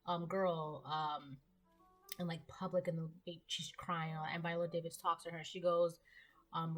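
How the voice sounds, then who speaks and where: A woman's voice: on the low side, steady tone, normal speed, faint music behind. A woman giving a casual tarot reading to camera, chatty and rambling with many fillers and asides. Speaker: tarot reader.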